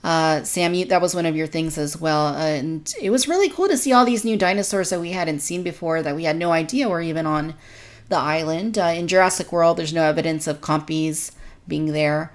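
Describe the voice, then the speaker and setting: A woman's voice: deep voice, a little fast. A woman co-hosting a casual podcast discussion, reviewing in an earnest, detailed way. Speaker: podcast co-host.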